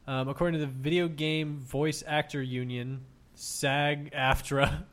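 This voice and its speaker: A man's voice: a little high, steady tone, normal speed. A man co-hosting a casual chat show, reading out news items with blunt, sarcastic, swearing remarks. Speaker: podcast co-host reading news.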